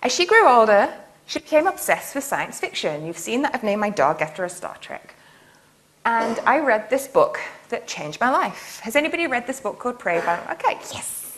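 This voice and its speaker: A woman's voice: on the high side, very animated, moderate pace, fairly bright tone, a little hiss or hum. A woman nanotechnologist giving a public lecture in a university hall, telling stories in a playful, enthusiastic way. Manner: playful, enthusiastic storytelling with laughs.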